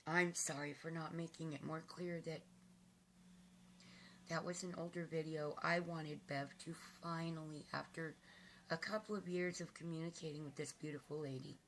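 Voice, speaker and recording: Tearful low-voiced woman vlogger. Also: fairly even intonation, fairly bright tone, slight background noise. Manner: emotional, halting, with frequent ums. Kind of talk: casual vlog talk to viewers.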